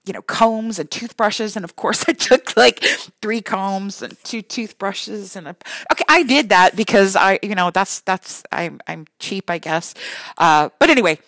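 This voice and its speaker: Chatty mom with a lively voice. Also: female voice, medium pitch, unhurried, no room sound, low-quality recording. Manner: rambling with many restarts, self-deprecating, laughing. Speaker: mother telling a story. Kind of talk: casual storytelling.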